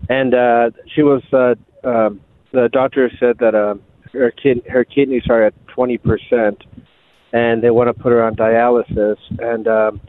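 A man calling in to a radio show with a prayer request, who speaks hesitantly with many fillers and clears his throat. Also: medium pitch, level tone, unhurried, dry recording. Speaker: caller. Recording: phone line.

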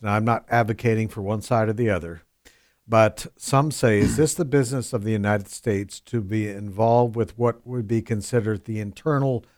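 A man on a talk radio panel weighs both sides of a question calmly and deliberately. His voice is on the lower side. The studio sound is dry and close. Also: no room sound. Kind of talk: casual talk radio chat.

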